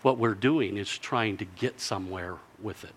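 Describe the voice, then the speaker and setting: A man preaching a sermon, telling a story with lively delivery and answered by the congregation. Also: fairly low pitch, normal speed, a little hiss or hum. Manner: lively storytelling, acting out villagers in character.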